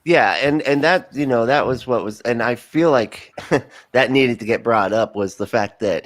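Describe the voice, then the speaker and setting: A man talking casually as a podcast guest, rambling with many fillers and quick laughs. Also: medium pitch, no room sound.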